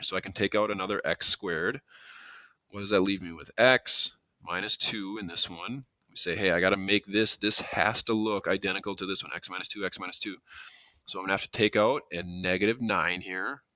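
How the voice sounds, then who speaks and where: Bright-voiced male math teacher. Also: sits low, no room sound. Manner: conversational, thinking aloud with self-corrections and asides. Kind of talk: classroom lesson walkthrough.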